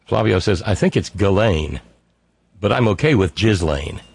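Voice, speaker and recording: A man's voice: lowish voice, lively intonation, quick pace, creaky, husky, no echo. A middle-aged man hosting a call-in radio show, sardonic, reading listener messages aloud in mocking voices. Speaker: radio talk show host.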